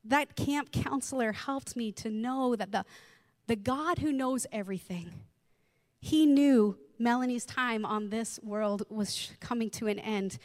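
A woman preaching with an expressive, storytelling delivery, giving voice to the people she quotes as she goes. Her voice sits fairly high, and a long reverb trails after her words as if she is in a large hall. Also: measured pace. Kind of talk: sermon with personal storytelling.

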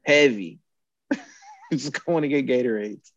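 A man's voice: mid-range voice, takes it slowly, no room sound, highs cut off. Man laughing through a work story. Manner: animated, laughing, swears while retelling. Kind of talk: casual storytelling chat. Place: home, on a couch on a call.

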